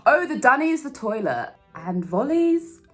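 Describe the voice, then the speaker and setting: A woman's voice: high voice, big pitch swings, normal speed, fairly bright tone, soft background music. A British woman casually reasoning her way through slang guesses, bubbly and giggly. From Britain. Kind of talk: casual chat.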